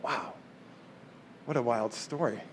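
A man's voice: medium pitch, takes it slowly, a little hiss or hum. A man casually retelling a Bible story in a playful, chatty way. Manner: playful, chatty, acts out quotes.

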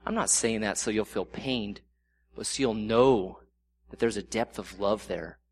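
A middle-aged man giving a sermon with a fairly low voice. He talks in an earnest, conversational way and slows down when he reads scripture aloud. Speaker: preacher.

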